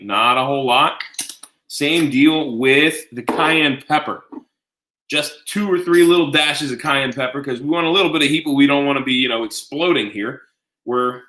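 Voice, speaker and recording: Casting: male home-cook host, bright forward voice, chatty and folksy, echoey kitchen sound. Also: medium pitch, moderate pace, slight background noise. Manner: chatty, folksy, talks to viewers directly. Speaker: home cooking show host. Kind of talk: casual live cooking demonstration.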